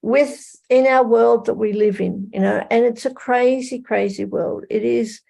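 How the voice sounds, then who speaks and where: A woman host with a gravelly, mellow voice leads a relaxed interview. She asks long, rambling questions and keeps affirming her guest warmly. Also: fairly high pitch, a little slow. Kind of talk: casual interview chat.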